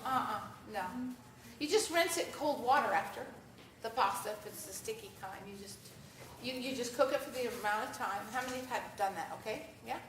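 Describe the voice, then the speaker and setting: A woman giving a lively live talk and answering audience questions, speaking conversationally to the crowd. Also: on the high side, brisk. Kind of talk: live presentation with Q&A. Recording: echoey room, mic far off, faint noise.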